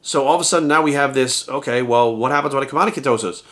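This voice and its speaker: A man talking as a bodybuilding coach in a casual vlog rant, animated and swearing constantly, tossing in rhetorical asides. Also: medium pitch, racing. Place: at home.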